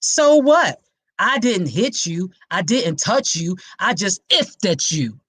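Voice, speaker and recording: Woman playing an abusive boyfriend: dismissive, mocking, high-pitched contempt, dry close sound. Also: sing-song, slow, slightly rough, no room sound, heavily acted. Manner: scornful, minimizing, raised and sharp. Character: dismissive abusive male partner, defensive and belittling.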